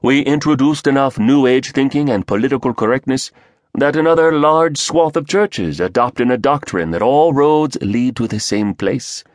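A man's voice: medium pitch, lively intonation, normal speed, no echo, studio quality, pitched above the performer's own voice, close to an everyday voice. A man doing a lilting Indian conspirator. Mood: smug. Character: lilting male Indian conspirator, self-satisfied.

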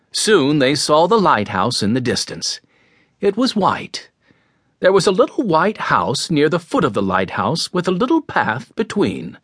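Casting note: a male children's audiobook narrator. Very lively pitch, husky, dry sound. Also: measured pace, no echo. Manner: expressive, storytelling. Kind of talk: scripted children's story narration.

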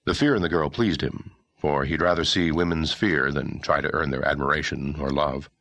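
A man narrating a historical novel audiobook in a measured, expressive storytelling manner. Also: rumbling low, vocal fry, dry recording. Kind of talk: scripted narration.

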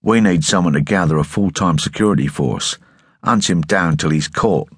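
A stern young revolutionary leader, hostile and curt, as a male narrator gives him voice. He sounds deep and a little husky, with lively pitch, from an audiobook. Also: normal speed, no echo, studio quality. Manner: curt, accusing.

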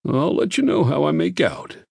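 A man's voice: on the high side, very animated, moderate pace, gravelly, a little mellow, slightly rough, no echo, studio quality, voice pushed up, full character voice. A male narrator voicing an insistent, curious army doctor who presses with questions. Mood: probing.

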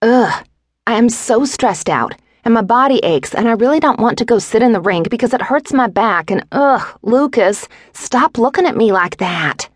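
A woman's voice: lowish voice, sing-song, drawn-out words, dry recording, studio quality, exaggerated voice. A woman narrator voicing a stressed, snappish pregnant wife who complains in a raised, whiny voice. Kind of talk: audiobook character voice.

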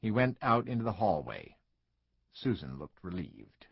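A man narrating an audiobook in an expressive, measured way, close to the mic. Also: low voice, vocal fry, husky, no echo, highs cut off. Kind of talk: scripted narration.

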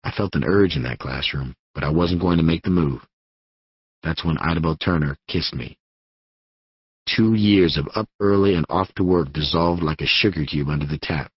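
A man narrating a crime novel in the first person, low and measured with a wry edge, in a slightly dull studio recording. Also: slightly rough, dry recording. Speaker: audiobook narrator.

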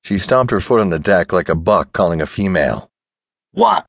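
A man narrating an audiobook in a measured, expressive reading. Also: low voice, no room sound. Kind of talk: scripted narration.

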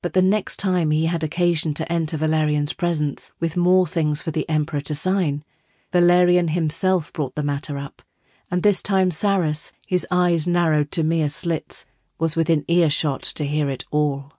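A woman narrating an audiobook in a measured storytelling manner. Her voice sits low, and the recording is close and dry. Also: fairly even intonation, dark tone, no echo. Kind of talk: scripted narration.

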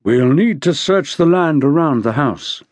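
A man voicing a brisk, curt male detective inspector who speaks in clipped, impatient sentences. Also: a little high, animated, darkish tone, no room sound.

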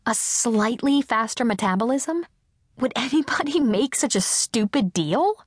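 Chatty self-mocking teen girl, woman reading, bouncy breathy voice. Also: a little high, animated, measured pace, no room sound, studio quality.

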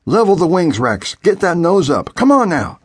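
A man's voice: a little high, big pitch swings, moderate pace, slightly rough, pitched above the performer's own voice. A man voicing a tense male pilot, talking another plane down over the radio with urgent, pleading instructions.

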